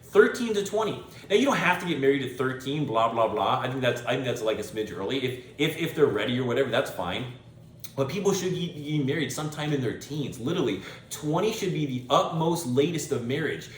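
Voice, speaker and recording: A man's voice: medium pitch, expressive, a little fast, echoey room, slight background noise. A man hosting a show, giving an opinionated monologue in an emphatic, lecturing way and repeating phrases for stress. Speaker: podcast host.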